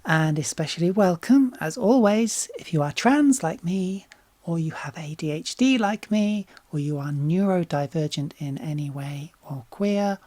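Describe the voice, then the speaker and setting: A woman, a singer hosting her own reaction channel, talking candidly and casually, swearing freely and sometimes dropping into soft asides. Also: sits low, no room sound. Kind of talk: casual reaction vlog talk.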